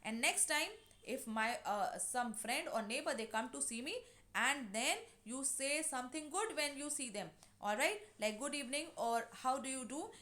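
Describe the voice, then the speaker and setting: Give me a stern, scolding housewife , read out by a woman teacher. Her voice sits fairly high and she speaks sharply. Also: expressive, moderate pace, sharp tone.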